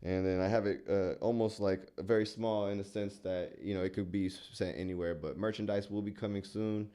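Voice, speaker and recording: Deep-voiced young man, earnest and reflective. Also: fairly even intonation, a little fast, warm tone. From San Antonio, Texas. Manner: earnest, reflective, with frequent fillers. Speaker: musician guest. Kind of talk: casual interview chat.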